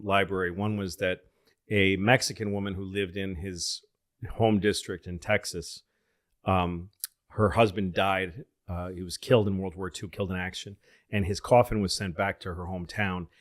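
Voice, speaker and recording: A male comedian hosts a casual podcast in a low voice. He tells rambling, profane stories and often breaks off to restart a sentence. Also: dry recording, studio quality. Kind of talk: casual chat, storytelling.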